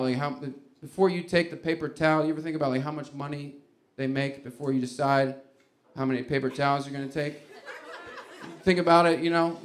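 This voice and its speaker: A man's voice: a little high, a bit bright. A man doing stand-up, musing in a rambling, incredulous way and swearing. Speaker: stand-up comedian. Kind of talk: stand-up set.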